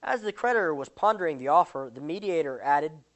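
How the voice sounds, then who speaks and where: A religious speaker teaches a doctrine and then reads a long parable to the listeners. The delivery is earnest and deliberate, at a middle pitch. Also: expressive. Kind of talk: sermon with parable reading.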